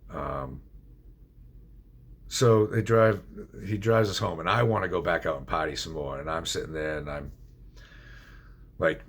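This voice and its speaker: Very deep gravelly middle-aged man. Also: moderate pace, pauses often. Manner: blunt and confessional, swears freely. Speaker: person telling his recovery story. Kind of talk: candid personal storytelling.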